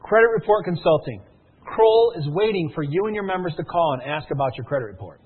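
Fast-talking husky man over a phone-like line. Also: fairly high pitch. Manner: energetic, keeps checking in with listeners. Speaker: sales presenter. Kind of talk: sales pitch with storytelling. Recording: narrow phone-like sound.

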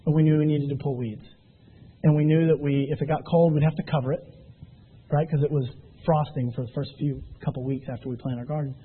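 Casting: motivational trainer, man, high-pitched and husky, animated storyteller, tinny phone-line sound. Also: brisk. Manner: animated storytelling with emphatic rising peaks. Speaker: business trainer.

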